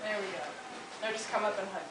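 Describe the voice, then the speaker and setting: A woman's voice: mid-range voice, steady tone, fast talker, fairly bright tone, heavy reverb, far from the mic, low-quality recording. A woman acting as the practice partner in a coaching drill, playful and giggly.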